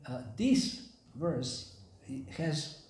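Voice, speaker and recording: Man giving a temple scripture class, fairly high voice, stops to find words, echoey hall. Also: very animated, darkish tone. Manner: unhurried, pauses to search for words. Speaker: spiritual teacher. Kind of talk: scripture class talk with storytelling.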